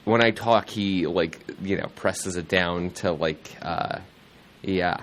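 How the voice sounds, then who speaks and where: A male radio host with a low voice, chatting casually in the studio. He stammers and restarts his sentences as he talks. The line has a clear bed of noise behind him. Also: slow pace, fairly bright tone. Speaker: radio host and weather reader.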